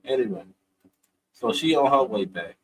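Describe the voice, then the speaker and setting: Man, reality show recap, casual, slangy, profane, laughs often, middle pitch. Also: very animated, moderate pace, low-quality recording. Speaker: reality TV reviewer.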